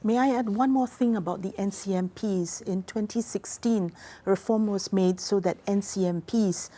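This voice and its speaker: Woman, soft warm tone, formal, lays out points carefully. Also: mid-range voice. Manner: deliberate, formal and precise. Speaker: policy research expert guest. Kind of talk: explanatory interview talk.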